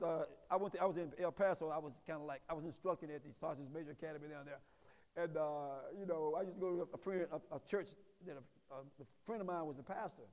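A high-voiced man preaches a sermon, rising into shouted peaks and dropping into folksy asides. His voice rings through a church hall with a long reverb. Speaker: pastor. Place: church sanctuary.

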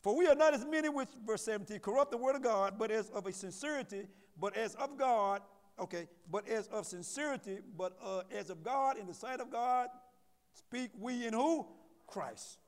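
Pastor, male, high voice, call-and-response sermon, echoing church hall. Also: normal speed. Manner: call-and-response preaching, repeats words, rising to loud emphasis. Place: church sanctuary. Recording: long reverb of a church hall.

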